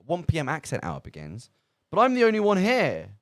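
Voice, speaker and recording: A man with a fairly high voice and huge pitch swings talks briskly while hosting a live charity radio stream from a small studio. Rambling and self-mocking, with lots of fillers, he chats casually into a studio microphone, and the recording is dry.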